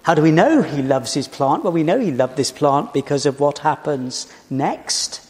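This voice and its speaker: A British man preaching a sermon in a church, telling the story in a measured way and posing rhetorical questions. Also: fairly high pitch, darkish tone. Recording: reverberant church hall.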